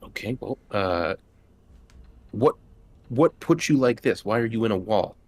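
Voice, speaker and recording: A man's voice: lowish voice, animated, a little slow, a little mellow. A man playing in a tabletop role-playing game, talking in a laid-back way. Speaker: player. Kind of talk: casual tabletop game play.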